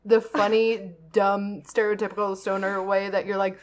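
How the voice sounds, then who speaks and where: A young woman in casual chat, animated and profane, often laughing as she talks. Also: mid-range voice, moderate pace, crowd noise.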